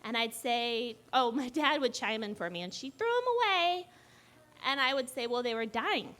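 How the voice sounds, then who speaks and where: A young woman telling a personal story live, animated and often laughing as she talks. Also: high voice, normal speed.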